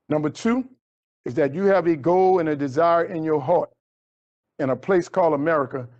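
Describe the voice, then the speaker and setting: A man tells a story to a young audience in a lively keynote style. His voice sits high and leaps up when he acts out the dialogue. The recording is dull and lo-fi. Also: normal speed. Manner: animated storyteller acting out dialogue with big pitch jumps. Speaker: motivational speaker.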